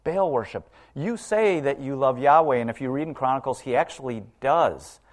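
A man's voice: medium pitch, expressive, moderate pace. A man preaching a sermon in a conversational way, often asking the congregation rhetorical questions.

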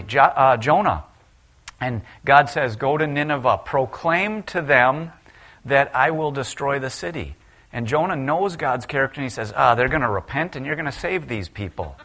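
A middle-aged man delivering a sermon in a mid-pitched voice, telling Bible stories with lively voiced quotes. He swings from quiet, low asides to loud, high outbursts as he plays the people in each story. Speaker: preacher.

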